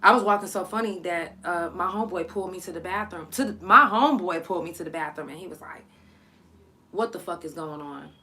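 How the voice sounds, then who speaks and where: A woman from Oklahoma hosting a live storytime podcast, telling her story in a loose, profane, halting way with many fillers. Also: fairly low pitch, a little hiss or hum. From Oklahoma, USA. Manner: sharp, irritated scolding at callers. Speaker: podcast host.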